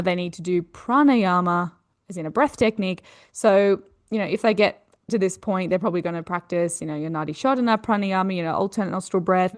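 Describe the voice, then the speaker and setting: Earnest Australian woman teaching yoga. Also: mid-range voice. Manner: earnest, explaining, leans on "you know" and "okay". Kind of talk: explanatory teaching talk.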